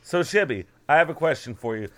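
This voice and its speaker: A man's voice: fairly high pitch, animated, fairly quick, fairly bright tone. A man co-hosting a comedy podcast about monsters, teasing his co-host and telling stories in casual banter. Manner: teasing, storytelling, laughs easily.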